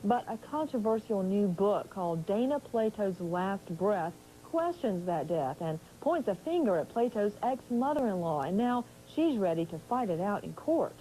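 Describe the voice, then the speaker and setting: A woman TV news anchor introducing a story and questioning guests in a measured, composed way. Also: medium pitch, big pitch swings, dark tone, slight background noise, rough recording. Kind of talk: news presenting and live interview.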